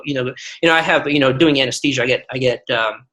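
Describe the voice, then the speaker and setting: An earnest man in his forties talks through his own stories as a podcast guest. His voice is bright and forward, and he often restarts his sentences as he works toward his point. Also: mid-range voice, fast talker, poor audio. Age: 40s. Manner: earnest, storytelling with many restarts. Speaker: guest physician. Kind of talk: podcast interview.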